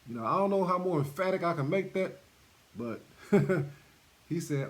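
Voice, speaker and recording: A male bible teacher preaches with a lively, swooping delivery and a fairly high-set voice. He hammers points home by repeating them and laughs softly between lines. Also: moderate pace. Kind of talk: sermon-style bible study.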